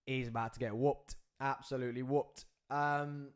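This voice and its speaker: Excitable man telling a story. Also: normal speed, clear, resonant tone. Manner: excitable, acts out the scenes with swings in pitch and loudness. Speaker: podcast host. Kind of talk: animated storytelling.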